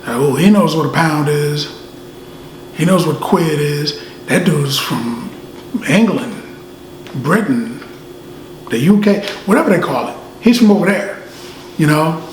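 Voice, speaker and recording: A man giving a casual movie review, easygoing and animated, often tacking "man" onto his sentences. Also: fairly high pitch, measured pace, long pauses. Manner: laid-back, says "man" often, animated asides. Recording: echoey room, faint ambient noise.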